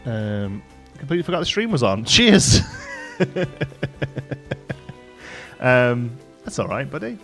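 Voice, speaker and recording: Guy in his 40s rambling on a game stream, middle pitch, lots of ums, quiet music in the back. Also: very animated, slow pace, pauses often. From England, Staffordshire. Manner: rambling, chatty, many fillers and restarts. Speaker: live streamer. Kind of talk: casual chat while gaming, reading chat aloud.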